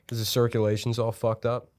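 A man co-hosting a comedy podcast, trading deadpan crude jokes in casual banter. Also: mid-range voice, a little slow. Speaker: co-host.

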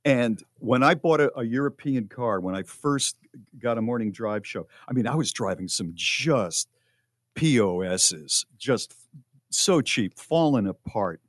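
A man hosting a radio show, chatting casually on a podcast as a relaxed, rambling storyteller. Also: medium pitch, a little slow, no room sound, studio quality.

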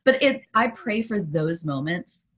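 A woman who is a podcast guest, telling personal stories in an animated way and laughing often. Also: lowish voice, unhurried. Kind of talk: conversational interview.

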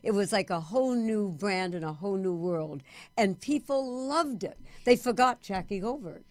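Lively older woman telling stories. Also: medium pitch, moderate pace, no room sound. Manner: lively storyteller, laughs often. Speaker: guest. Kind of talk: interview conversation. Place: Los Angeles.

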